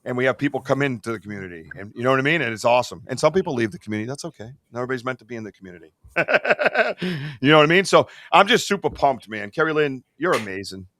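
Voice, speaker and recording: A man chats on a podcast in an excitable, rambling way, full of fillers and restarts. His voice is bright and forceful. The sound is dry and close. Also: mid-range voice, quick pace, dry recording. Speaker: podcast host. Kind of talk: casual podcast chat.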